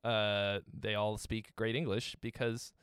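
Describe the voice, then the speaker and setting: A man's voice: on the low side, level tone, takes it slowly, fairly bright tone, smooth, no room sound, clean studio sound. A man from Massachusetts in profane, joking casual chat. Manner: profane, joking, mimics people.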